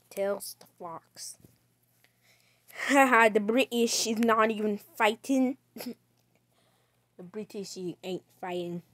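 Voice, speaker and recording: A woman streamer giving chatty commentary on a game as she plays, breaking into sudden loud, excited outbursts. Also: mid-range voice. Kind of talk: gaming livestream commentary.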